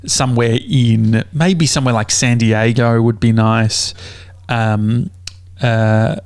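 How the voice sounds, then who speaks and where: A man's voice: medium pitch, fairly even intonation, takes it slowly, darkish tone, smooth, no room sound, clean studio sound. A young Australian man hosting a casual podcast, telling a long story with lots of fillers and swearing. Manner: rambling storyteller, swears a lot, many fillers. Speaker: podcast host. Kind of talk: casual chat.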